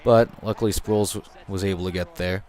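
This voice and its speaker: A man's voice: low voice, fairly even intonation, fast talker, a little mellow. A young man giving casual, rambling commentary over a football video game, joking and swearing freely as he narrates. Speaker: gaming commentator.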